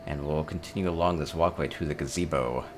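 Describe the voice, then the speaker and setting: A man's voice: very deep voice, fairly quick, background noise. A man hosting a casual tour of player homes in a game, chatting upbeat and thinking aloud with small chuckles. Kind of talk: casual gameplay commentary.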